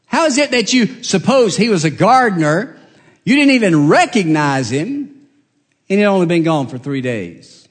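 A man's voice: on the high side, expressive, slow pace. A man playing a stern male religious leader who cross-examines a witness in a courtroom scene, speaking in an accusing, badgering way.

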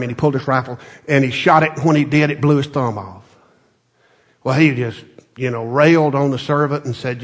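A man preaching a folksy sermon, telling stories with many restarts and building to loud, emphatic peaks. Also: on the high side. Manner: folksy storytelling, repeats words, rises to loud emphatic peaks.

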